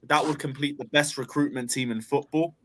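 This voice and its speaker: Bright-voiced man reading chat. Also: medium pitch, fairly even intonation, fairly quick, slight background noise. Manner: matter-of-fact, reads viewer comments aloud. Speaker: podcast co-host reading chat. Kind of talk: casual chat.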